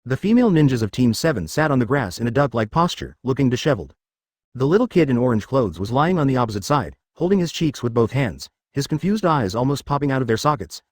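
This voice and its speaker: A man narrating a fan story in a flat, machine-read style. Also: mid-range voice, dry recording, studio quality.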